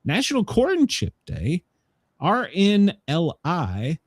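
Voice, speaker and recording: A man's voice: sits high, slow pace, no echo. A man hosting a casual podcast who tells stories with a lot of chuckling and acts out other people's lines. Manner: animated storyteller, chuckling, mimicking people. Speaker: podcast host. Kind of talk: casual chat.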